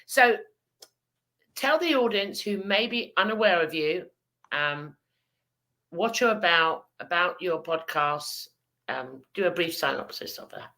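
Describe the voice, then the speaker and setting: Woman host w a sore hay fever throat, bright sharp voice, lowish pitch, chatty. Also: lively intonation, unhurried, long pauses. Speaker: chat show host. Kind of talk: casual chat show talk.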